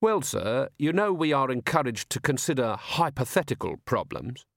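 Young assassin, overly courteous and eerily calm, voiced by a male narrator; dry close mic. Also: medium pitch, normal speed, gravelly, no room sound. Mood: polite. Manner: soft-spoken, overly courteous, keeps saying sir.

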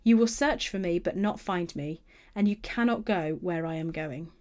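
A woman voicing Jesus as a calm male teacher in an earnest, measured Bible reading. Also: lowish voice, close to an everyday voice.

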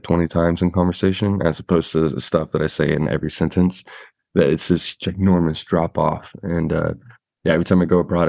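A man's voice: low-pitched, gravelly, dry recording, studio quality. A man hosting a casual interview, chatting loosely with lots of filler words. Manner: relaxed, uses many fillers like "like". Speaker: podcast host.

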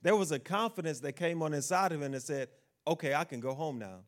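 A man's voice: fairly high pitch, lively intonation, fairly quick. A man preaching a sermon, asking the congregation questions and acting out the figures of the Bible story in quotes.

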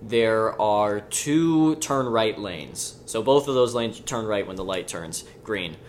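Animated storytelling guy on a podcast. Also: lowish voice, slow pace, a little hiss or hum. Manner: animated storyteller, swears freely, acts out voices in the tale. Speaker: podcast co-host. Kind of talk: casual chat.

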